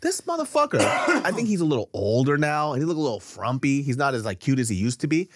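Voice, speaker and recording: A man's voice: fast, noisy background. A man hosting a podcast, telling a story casually and profanely, his voice jumping up when he gets riled. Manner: animated, profane, jumps up in pitch when riled. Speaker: podcast host.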